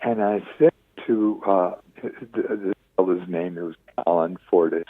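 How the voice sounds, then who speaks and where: A man in his seventies, a radio interview guest, telling stories with lively acted-out quotes. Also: deep voice, measured pace, no echo. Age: 70s. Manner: lively storyteller acting out quoted voices. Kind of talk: phone-in radio interview storytelling. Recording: tinny dry phone line.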